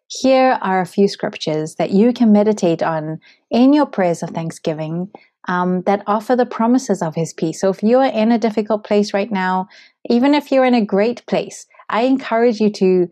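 A woman's voice: lowish voice, mellow. A woman from Zimbabwe hosting a devotional podcast, talking in an earnest, reflective, conversational way. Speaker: podcast host.

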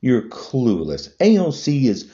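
A man's voice: huge pitch swings, slow pace, dark tone, dull audio. A man delivering an angry political rant to camera, hurling repetitive insults. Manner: heated, repetitive insults, voice swinging high and low. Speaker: vlogger.

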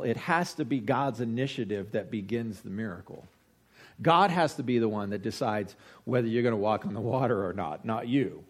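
A man's voice: medium pitch, breathy edge. Conversational man preaching a sermon. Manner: conversational, swings between loud emphasis and quiet asides. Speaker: pastor.

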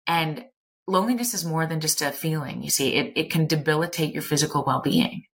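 A woman's voice: deep voice, brisk. A middle-aged woman, a clinical psychologist talking candidly as an interview guest, emphatic and blunt, swearing casually.

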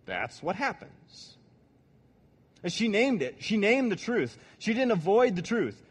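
Male pastor, animated storyteller, lively pitch, long hall reverb. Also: normal speed, slightly rough. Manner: animated storytelling, addresses audience directly. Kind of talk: sermon.

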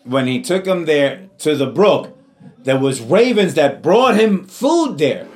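A man's voice: fairly high pitch, very animated, slow pace, a little mellow. Earnest man preaching a sermon. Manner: earnest, repeats phrases for emphasis, calls out amen. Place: church.

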